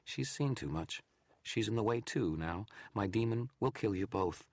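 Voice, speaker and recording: A man's voice: fairly low pitch, animated, normal speed, no room sound, pitched above the performer's own voice. A man voicing a menacing, sneering sorcerer's phantom image that speaks with cold, supreme confidence.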